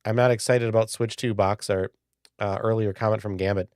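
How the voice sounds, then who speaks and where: A man's voice: lowish voice, fairly even intonation, a little fast, a little mellow, no echo, studio quality. A man in his forties hosting a live stream, playfully reacting to viewer comments in casual chat. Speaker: livestream host.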